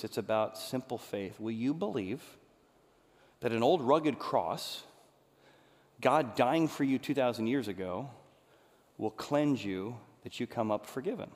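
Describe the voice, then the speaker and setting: Male pastor, mid-pitched, preaching with animated storytelling; long hall reverb. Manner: animated storytelling, acts out quotes. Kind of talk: sermon.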